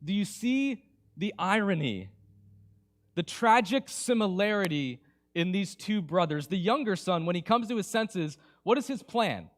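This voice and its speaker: Animated, conversational male preacher. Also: high voice, measured pace. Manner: conversational, animated, swings between hushed and emphatic. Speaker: pastor. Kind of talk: sermon. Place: church.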